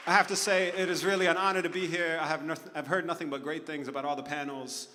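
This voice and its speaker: A man's voice: a little high, little pitch movement, fast, hardly any pauses, noisy background. A man from Syria performing rap and spoken word live on stage, with a rhythmic, rhyming delivery and talking straight to the crowd. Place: event hall, live on stage. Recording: echoey hall with backing music.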